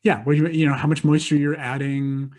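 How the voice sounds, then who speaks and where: A man's voice: a little high, level tone, fairly quick, a little mellow. A man co-hosting a podcast, explaining at length in a loose, rambling way. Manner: rambling, many fillers and restarts. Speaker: co-host on public affairs and baking. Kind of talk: casual chat.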